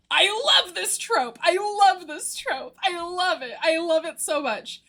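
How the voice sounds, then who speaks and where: A young woman streamer chatting casually, gushing excitedly about a story she loves and laughing often. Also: very high voice, slow, hardly any pauses. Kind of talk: casual chat recapping a story.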